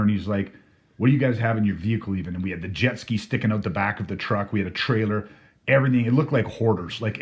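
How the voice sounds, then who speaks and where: Laughing man telling a story. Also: fairly low pitch. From Canada. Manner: laughs through his words, swears freely. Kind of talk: casual spoken storytelling.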